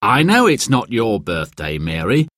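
A man's voice: lowish voice, huge pitch swings, measured pace, fairly bright tone, dry recording, studio quality, full character voice. A man voicing a cheerful, patient uncle who loves to fish, in a storybook reading.

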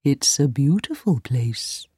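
A woman reading a storybook aloud, voicing a gentle male reindeer in a slow, soft, low voice. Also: lively intonation, breathy edge, no echo, clean studio sound, full character voice.

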